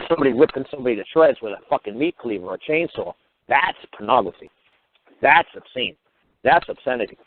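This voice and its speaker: Fast-talking man ranting on tinny radio. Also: medium pitch, big pitch swings. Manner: crude, mocking, swearing constantly. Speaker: radio talk show host. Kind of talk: profane ranting monologue. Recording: tinny phone-line radio audio.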